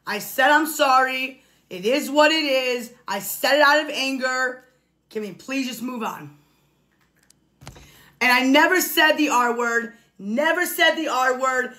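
A woman's voice: high-pitched, sharp tone. A woman talking casually on a live stream, defensive and repeating herself insistently.

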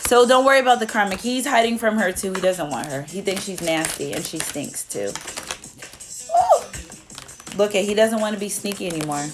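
A woman's voice: mid-range voice, expressive, quick pace, hardly any pauses, music in the background. A young woman giving a casual live tarot reading, chatty and blunt, swearing freely as she talks to her viewers. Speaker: tarot reader.

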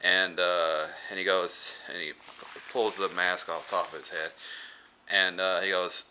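A man's voice: low voice, level tone, measured pace, bright, forceful tone, slight background noise. A man giving a casual movie review, rambling with many fillers and restarts.

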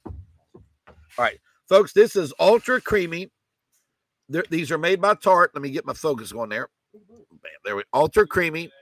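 A man running a live auction, calling prices in a rapid chant with repeated numbers and coughing now and then. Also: a little high, expressive, a bit bright, no echo. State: coughing, choked up. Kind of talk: live online auction selling.

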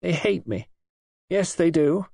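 A man puts on a spoiled young wife for an audiobook, her voice raised and sulky with wide, lively swings. She coaxes and pouts in a slightly husky tone, recorded dry and close. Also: on the high side, takes it slowly, no echo, pitched above the performer's own voice, exaggerated voice. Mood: resentful. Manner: coaxing, sulky, lightly raised voice.

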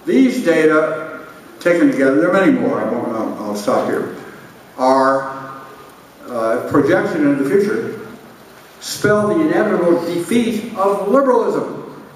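A man's voice: on the high side, expressive, unhurried, pauses often. A man giving a conference speech with a wry, joking storytelling manner, delivering a humorous anecdote. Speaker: conference speaker. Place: large conference hall. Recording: echoey hall, speaker from far off, faint noise.

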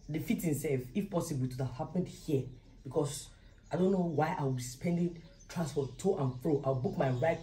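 A young Nigerian woman vlogs casually to camera at home, joking about being broke in her Nigerian accent. Her voice is low and mellow, and the low-quality recording carries slight background noise.

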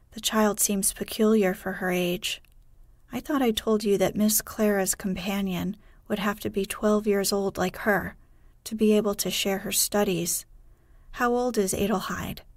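A woman reading the part of a stern, indignant housekeeper in a slow, soft bedtime storybook voice. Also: mid-range voice, steady tone, no echo, lightly acted. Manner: severe, questioning.

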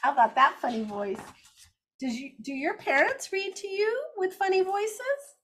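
An older woman teaching a children's circle time, reading picture books aloud in an animated, expressive, gentle way. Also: very high voice, normal speed, a little hiss or hum.

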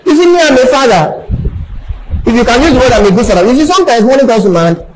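A man's voice: extremely high pitch, fast, slight background noise, low-quality recording. A man preaching a sermon to his congregation, calling out questions and repeating phrases. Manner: animated preaching with call-and-response and repeated phrases. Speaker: pastor. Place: church service.

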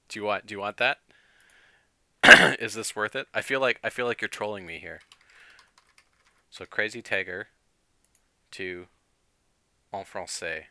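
A man with a sharp, very bright and slightly low voice chats with his stream viewers. He talks casually, thinks aloud and keeps clearing his throat between remarks. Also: steady tone, unhurried, pauses often, dry recording. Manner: chatty, thinks aloud with fillers and laughs. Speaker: game streamer.

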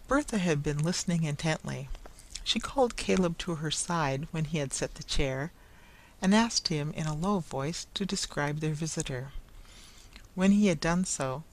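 Steady storybook narrator reading a classic tale for english learners. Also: medium pitch, low-quality recording.

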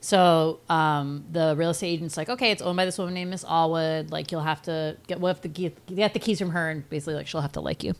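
A woman's voice: low voice, fairly even intonation, fast talker, hardly any pauses. A woman co-hosting a podcast, recapping a movie plot in a rambling, casual way with lots of fillers. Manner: rambling, filler-heavy storytelling. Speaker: podcast co-host.

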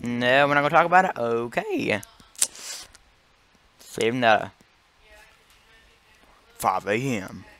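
A young man casually commenting on a horror game as he plays, jumpy and excitable, yelping when startled. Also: mid-range voice, slow pace, pauses often. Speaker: gaming channel host. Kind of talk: let's play commentary. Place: home room.

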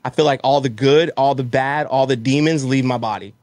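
A man's voice: medium pitch, steady tone, fairly quick, a little mellow, dry recording. A man from Texas telling his story as an interview guest, earnest and motivational, acting out his own thoughts. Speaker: guest, roofing business owner.

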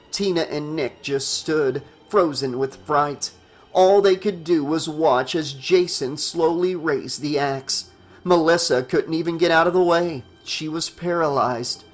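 A man with a somewhat high voice reads a horror novel aloud in a steady, storytelling manner. Soft music plays faintly beneath his narration. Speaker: audiobook narrator.

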